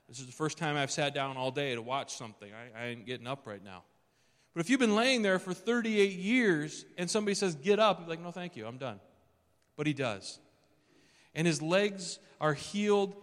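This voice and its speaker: A man with a slightly high voice preaches a sermon. His style is conversational, and he acts out each scripture quote. The sound carries a long reverb from a large church hall. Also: fairly bright tone. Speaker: pastor.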